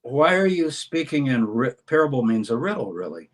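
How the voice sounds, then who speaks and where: A man explains scripture as an interview guest in an energetic teaching way. He reads passages aloud with dramatic emphasis. His pitch sits in an ordinary middle range. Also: moderate pace. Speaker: scholar and course teacher, guest.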